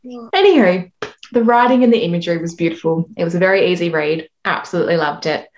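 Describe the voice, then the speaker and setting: A woman's voice: lowish voice, expressive, fast talker, darkish tone, dull audio. A woman co-hosting a podcast, recapping a book in casual chat with blunt, crude quips. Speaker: podcast co-host.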